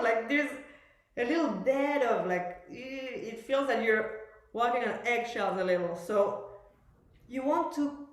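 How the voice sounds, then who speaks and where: A woman's voice: on the high side, expressive, unhurried. A woman teaching a master class, coaching a student and explaining at length, often searching for words. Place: music school room. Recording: very echoey room.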